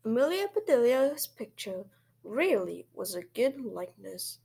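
A woman reads a children's picture book aloud, gentle and expressive. Her voice is slow and breathy, with a lively, rising and falling pitch.

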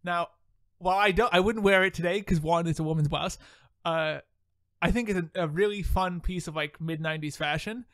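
Podcast host, male, high-pitched, dry close sound, animated and quick to laugh. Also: no room sound. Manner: animated, laughs often, swears casually. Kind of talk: casual chat.

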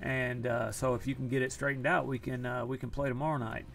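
A man with a gravelly, fry-tinged voice streams a card game from home. He chats loosely, jokes at his own expense and groans at bad draws. Soft music plays behind him. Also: mid-range voice, little pitch movement, a little fast. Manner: chatty, self-deprecating, groaning at bad luck. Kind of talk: casual live-stream commentary.

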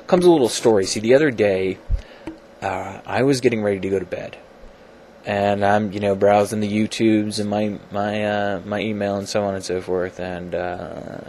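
A man's voice: on the low side, darkish tone, a little hiss or hum. A man talking casually in a science vlog from his home computer, rambling and self-deprecating, with many fillers and restarts. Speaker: video blogger.

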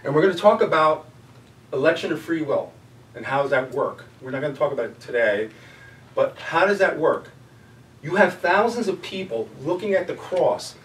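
A man's voice: a little high, lively intonation, normal speed, fairly bright tone. A man leading a Bible study in casual teaching style, talking conversationally and asking the group questions. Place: church meeting room. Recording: echoey room, distant mic, faint noise.

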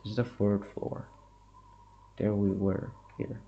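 A man's voice: lowish voice, little pitch movement, slow pace, gravelly, highs cut off, a little hiss or hum. A young man giving a let's-play commentary on a horror game, muttering to himself and reacting nervously to scares. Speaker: gamer.

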